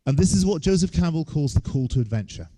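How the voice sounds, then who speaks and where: A man's voice: on the high side, lively intonation, fast talker, mellow. A man, giving a humorous lecture on stage with wry, joking asides. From England.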